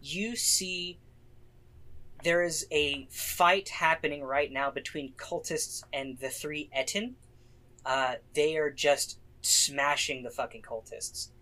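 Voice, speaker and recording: A man running a tabletop role-playing session, narrating in a relaxed, casual way. His voice sits a little high for a man. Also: slow. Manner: casual, laid-back with swearing. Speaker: game master.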